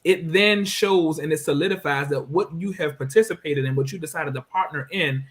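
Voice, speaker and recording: A man's voice: a little high, normal speed, a bit bright. A man co-hosting a business panel discussion, talking in an emphatic, preaching way with rhetorical questions. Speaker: co-host.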